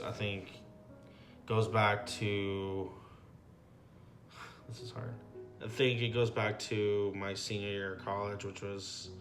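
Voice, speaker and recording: A young man in his twenties, a graduate student telling his personal story in an interview, speaking haltingly with many pauses and fillers. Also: lowish voice, a bit bright. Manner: halting, reflective, with frequent ums and likes.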